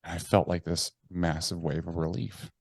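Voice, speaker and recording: A man telling candid personal stories in a conversation, swearing freely and acting out his inner voices, dropping quiet when he confesses. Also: low voice, normal speed, vocal fry, slightly rough, no room sound. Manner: animated, profane, acts out his inner voices. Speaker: podcast guest.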